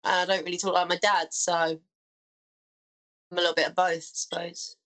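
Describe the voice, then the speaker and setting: A woman's voice: on the low side, little pitch movement, a little fast, a bit bright. A woman chatting casually, agreeable and thoughtful. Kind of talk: casual chat.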